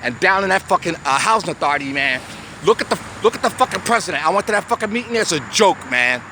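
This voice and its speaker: Talking fast in a high, expressive voice, a US man in his sixties rants to the camera outdoors on a city street. His agitated speech is profane and meandering, full of stumbling, repetitive restarts. Faint street sounds and traffic can be heard.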